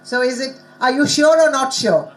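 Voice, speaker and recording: A woman's voice: high-pitched, normal speed, poor audio. Engaging woman leading a pronunciation workshop. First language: not English. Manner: engaging, asks the audience questions. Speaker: workshop presenter. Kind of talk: conference workshop talk on pronunciation. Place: conference hall.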